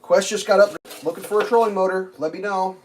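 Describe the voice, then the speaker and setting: Over slight background noise and a rough recording, a young man with a high voice talks quickly but in a steady tone while hosting a livestream. His casual chat wanders through profane stories, and he voices the characters he quotes.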